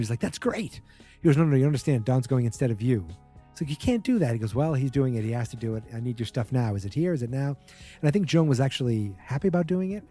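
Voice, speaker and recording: A man's voice: mid-range voice, dark tone, breathy edge. A man hosting a podcast, casually recapping a TV episode in a rambling way and acting out characters' quotes. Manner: rambling, acts out quotes in quick bursts. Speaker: podcast host.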